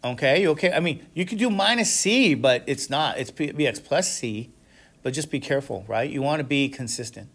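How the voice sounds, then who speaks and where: Animated male teacher quizzing his class. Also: medium pitch, fairly quick. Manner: asks the class frequent questions, checking understanding; animated, with sudden exclamations. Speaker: math instructor. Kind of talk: classroom lecture.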